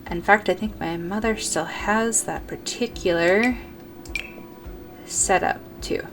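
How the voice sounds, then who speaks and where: Casual woman creator, mid-pitched, thinks aloud while building and corrects herself often, with light music under her voice. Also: slow pace. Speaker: gaming video creator.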